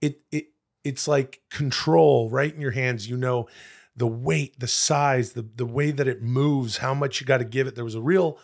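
Gravelly man rambling casually. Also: mid-range voice, normal speed. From Canada. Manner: rambling, fillers, bursts of excitement. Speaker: podcast co-host. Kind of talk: casual chat.

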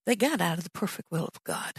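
A woman's voice: lowish voice, animated, quick pace, slightly rough, no echo. Conversational woman pastor, dry sound. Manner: conversational, acts out prayers and dialogue in changing voices. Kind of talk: sermon teaching. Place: church.

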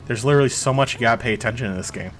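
Young guy streaming a game, hypes up and yells and swears a lot, faint game music under him. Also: mid-range voice, very fast. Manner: excitable, yelling, swearing, talking to characters. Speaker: gaming streamer. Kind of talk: live gameplay commentary.

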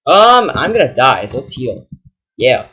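A young man giving casual let's-play commentary, excitable and exasperated, yelling at enemies. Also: medium pitch, unhurried, slightly rough. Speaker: gaming channel host.

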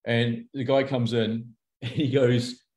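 A man's voice: mid-range voice, takes it slowly. A man, a guest in a candid interview, speaking openly and acting out the people in his stories. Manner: animated storyteller, acts out quoted characters.

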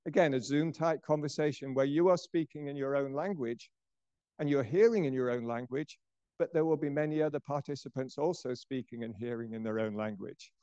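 An older man giving a lecture as a professor, explaining in a measured way and dropping softer at the ends of phrases. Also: mid-range voice, smooth, no echo, highs cut off. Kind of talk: lecture presentation.

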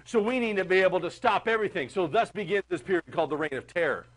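A man lectures his class in an animated, chatty way, often turning to the students with quick questions. His voice sits a little on the high side. He sounds like he is in a classroom. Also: poor audio. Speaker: history teacher.

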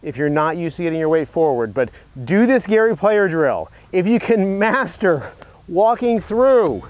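Brief: male golf instructor, fairly high voice, earnest and chatty, filmed outdoors. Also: sing-song, measured pace. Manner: earnest, storytelling, some restarts. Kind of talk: instructional video. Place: outdoor golf practice area.

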